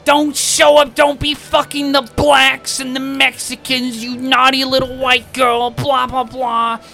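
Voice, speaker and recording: Man putting on a shrill, whiny angry dad. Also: level tone, unhurried, bright, forceful tone, soft background music, heavily acted. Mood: mocking rant. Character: cranky, sulking father of a girlfriend.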